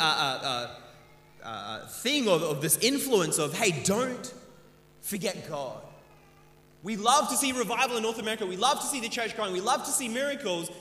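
A man preaching a sermon in a church, his high voice bright and ringing. He talks earnestly and keeps repeating words as he restarts his thoughts. The mic picks up the long, echoey reverb of the hall. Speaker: pastor. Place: church sanctuary. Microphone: handheld mic.

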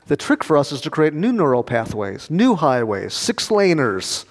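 An older male pastor preaches in a folksy, storytelling way, tossing questions out to the congregation. His voice sits a touch higher than most men's. It rings out with the long reverb of a large church hall. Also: sing-song, unhurried. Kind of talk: sermon.

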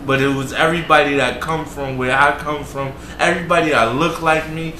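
A man hosting a podcast in casual chat, halting and repeating words as he searches for them. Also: on the high side, fairly even intonation, pushed and bright, a little hiss or hum. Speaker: podcast host. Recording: roomy room with faint ambience.

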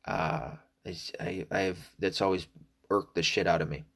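With a deep voice, vocal fry and a steady tone, a middle-aged Southern American man speaks at a moderate pace. Talking on his own, he drifts through a casual, profane monologue full of fillers and digressions.

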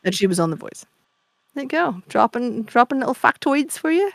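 A woman's voice: a little high, very animated, fairly quick, gravelly. A woman co-hosting a podcast over a video call, chatty and opinionated, explaining things with gusto. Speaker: podcast co-host. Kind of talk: casual chat.

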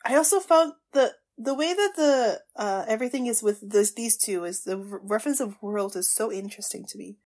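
A woman podcast host gushing through a casual watchalong, with excitable reactions, gasps and exclamations, and tearful at times. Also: on the high side, fairly quick, hardly any pauses.

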